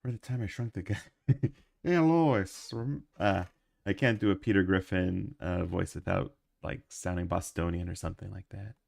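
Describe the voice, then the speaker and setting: A man's voice: low-pitched, flat delivery, a little fast, gravelly, dry recording, studio quality. A man who is sick with a cough, chatting casually while he livestreams his animation work and rambling with lots of ums and uhs.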